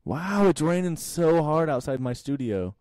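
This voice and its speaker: There's no room sound as an unhurried man with a voice on the high side hosts his podcast from a small home studio. The chat is casual, and he stays lively, joking and often interrupting.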